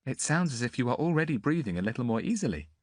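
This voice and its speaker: A man voicing a calm, composed noblewoman in an audiobook, speaking in a measured way. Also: mid-range voice, no echo, clean studio sound, voice pushed up.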